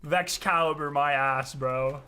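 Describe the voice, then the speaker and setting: A young man giving profane, excitable commentary while playing a game, trash-talking and bursting into yells. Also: a little high, measured pace. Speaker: gaming video creator. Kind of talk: live gameplay commentary.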